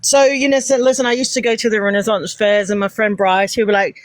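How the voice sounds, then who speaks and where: A woman from Texas hosts a casual live-stream chat from her home. She talks loosely and freely, swears easily and laughs often. Her voice sits at an ordinary pitch and sounds dry and close, with no room echo. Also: fairly even intonation, quick pace, hardly any pauses. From Texas, USA. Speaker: livestream host.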